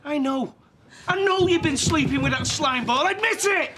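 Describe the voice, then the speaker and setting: A man's voice: extremely high pitch, normal speed, noisy background. An actor playing a jealous, confrontational husband and father in a television soap. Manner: confrontational, bitter.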